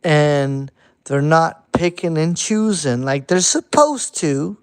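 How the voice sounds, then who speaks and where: A man giving a heated, profane late-night rant, swinging between shouting and muttering. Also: fairly high pitch, animated, slow pace, smooth. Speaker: vlogger.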